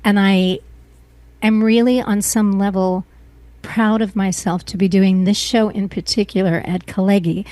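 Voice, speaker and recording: A middle-aged woman as an interview guest, speaking earnestly and emotionally, often pausing and restarting her sentences. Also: medium pitch, steady tone, a little mellow, no echo. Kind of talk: personal interview.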